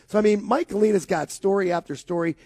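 A man's voice: high-pitched, fast, gravelly, a little mellow, slightly rough. A man from co-hosting a sports radio talk show, talking with enthusiasm and emphasis.

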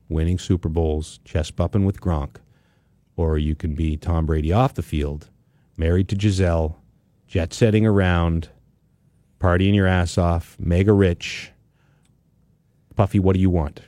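A man's voice: sits low, warm tone, no echo. A man hosting a podcast in casual, teasing chat with his co-hosts, also reading sponsor spots. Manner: teasing, joking. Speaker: podcast host.

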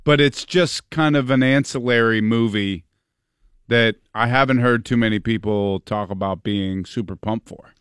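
A man's voice: medium pitch, normal speed, fairly bright tone, clean tone, no echo. A man co-hosting a radio show, chatting casually with dry wisecracking asides. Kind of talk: casual chat.

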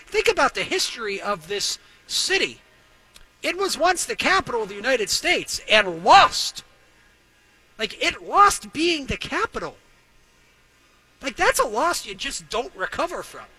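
A man's voice: extremely high pitch, pushed and bright, breathy edge, poor audio. A man hosting a talk show, ranting sarcastically and riffing for laughs. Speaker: radio show host. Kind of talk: comedic talk-show rant.

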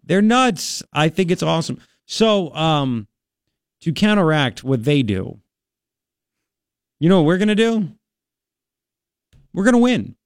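A man's voice: on the high side, very animated, measured pace, long pauses, clean tone, dry recording, studio quality. A man hosting a talk show, casually and sarcastically commenting on clips he plays, laughing often.

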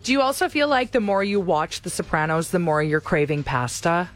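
A woman co-hosting a morning radio show, playful and teasing in animated, casual banter. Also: lowish voice, a little fast, soft background music. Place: radio studio. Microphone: studio microphone.

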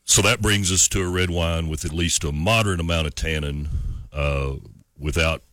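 Deep-voiced man explaining wine. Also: moderate pace, a bit bright, no room sound, clean studio sound. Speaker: wine guest. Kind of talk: casual radio chat.

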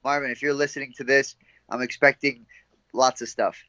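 A young man being interviewed as a fighter, laughing often and telling animated stories with quoted voices. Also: medium pitch, fairly quick, dry recording, muffled recording. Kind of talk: casual interview chat.

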